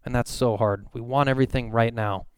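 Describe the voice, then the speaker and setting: A man preaching a sermon in a conversational way, reading scripture verses slowly and acting out the people he quotes. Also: medium pitch, fairly even intonation, clear, resonant tone, no room sound. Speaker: pastor.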